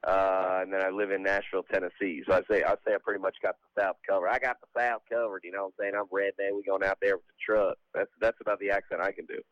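Comedian guy from georgia, lowish voice, kinda muffled dry line, just chatting. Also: fairly even intonation, rapid-fire, hardly any pauses, fairly bright tone, no room sound. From Georgia, USA. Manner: loose, chatty storytelling. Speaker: comedian guest. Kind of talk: casual phone-in interview.

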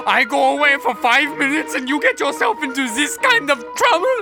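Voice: sits high, very animated, a little fast, music in the background. A performer playing a fretful old man who scolds his partner in a theatrical, half-sung way. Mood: sing-song scolding.

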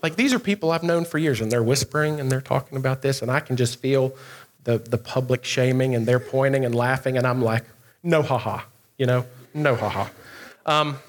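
A man, a pastor, telling a funny story in a youth sermon, animated and often laughing, with quick asides to his listeners. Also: mid-range voice.

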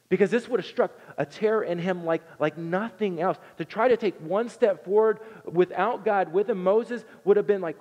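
A man preaching a sermon, telling the story with earnest energy and swinging from loud to hushed. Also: sits high, expressive, a little fast, few pauses. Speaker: pastor. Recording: long reverb in a large hall.

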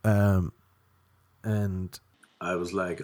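A young man telling a rambling comic story with deadpan, self-mocking asides. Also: fairly low pitch, slow pace. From Ireland.

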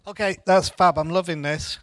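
A man's voice: high voice, steady tone, normal speed, dry recording. A man giving an informal church Bible teaching in an earnest way, often repeating words as he restarts.

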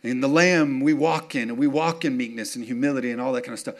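A male pastor delivering a sermon in a mid-pitched voice. He talks straight to the congregation, checks that they are following, and builds to punchy, emphatic points. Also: fast talker. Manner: call-and-response, keeps checking in with the congregation; rises to emphatic, punchy declarations.

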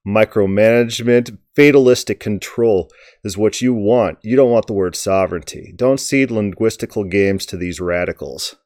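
Combative low-voiced man. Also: a little mellow, dry recording, studio quality. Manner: emphatic, combative. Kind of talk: political commentary.

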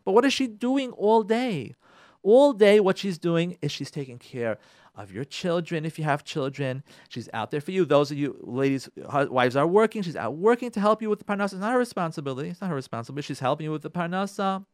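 On a radio show about relationships, an animated man with a voice on the high side and a little mellow tells a story and advises on marriage at a brisk pace. He addresses listeners directly and repeats phrases for emphasis, captured in clean studio sound without echo.

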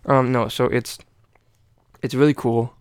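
A man's voice: medium pitch, little pitch movement, a little slow, clean tone, no room sound, studio quality. A young man hosting a casual podcast, rambling and swearing with lots of fillers. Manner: rambling, profane, many fillers. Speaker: podcast host.

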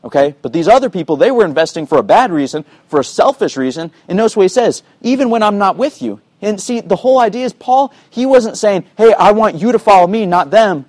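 A man preaching to his church in an earnest, chatty way, often stopping to say "you know" to the room. His voice sits high for a man, and the sound is dry and close, with little room echo. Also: animated, quick pace, few pauses, darkish tone. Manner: earnest, conversational, many "you know" asides. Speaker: pastor. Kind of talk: sermon.

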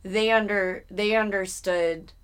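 A woman musician being interviewed, talking in a relaxed, casual way that trails off softly at the ends of phrases. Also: medium pitch, slow, clear, resonant tone. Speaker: musician guest. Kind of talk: casual chat.

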